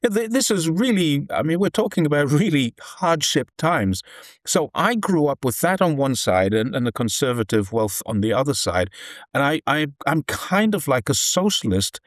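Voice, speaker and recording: A man's voice: fairly high pitch, dry recording, studio quality. A man from the UK, explaining his views in a rambling, earnest conversational way with frequent restarts. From United Kingdom. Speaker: commentator living in China. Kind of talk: conversational discussion.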